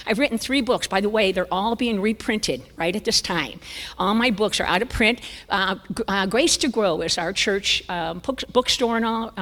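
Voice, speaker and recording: Lively older lady telling funny stories at a church conference, big echoey hall. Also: medium pitch. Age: 70s. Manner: lively, self-mocking, chuckling storyteller. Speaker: conference speaker. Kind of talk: humorous storytelling talk. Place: church sanctuary.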